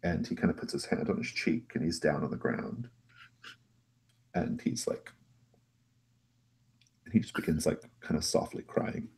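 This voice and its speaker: A man narrating as game master of a tabletop game, with relaxed, rambling descriptions. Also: very deep voice, moderate pace, vocal fry, long pauses, slightly rough.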